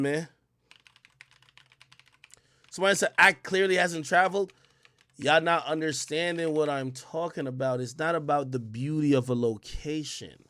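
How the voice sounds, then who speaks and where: A young man ranting on his livestream, heated and profane, firing off rhetorical questions. His pitch sits a bit high for a man and swings widely. The sound is dry and close. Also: a bit bright, no room sound. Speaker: livestream host. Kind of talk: casual livestream rant.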